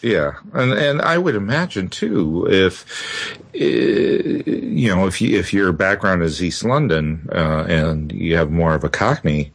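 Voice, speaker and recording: A man's voice: low-pitched, expressive, slow pace, vocal fry, hardly any pauses, breathy edge. A man with a Midwestern American accent, hosting a casual podcast chat and rambling with many fillers. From Midwestern US, Minnesota. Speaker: podcast host.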